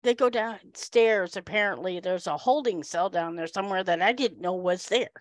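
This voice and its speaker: A woman giving a humorous storytelling speech at a speaking club, animated and acting out the people in her story. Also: fairly low pitch, normal speed, dry recording.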